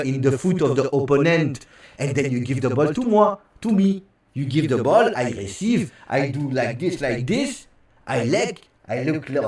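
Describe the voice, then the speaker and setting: A man's voice: on the high side, a little mellow, pitched above the performer's own voice. A man doing a coaxing French footballer, echoey clip. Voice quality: heavy French accent, mixing French words into English. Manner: coaxing, boastful, repeats "hein". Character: young male footballer, pleading, boastful. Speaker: host doing an impression. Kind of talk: comic impression in an old video clip. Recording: roomy, distant clip played back.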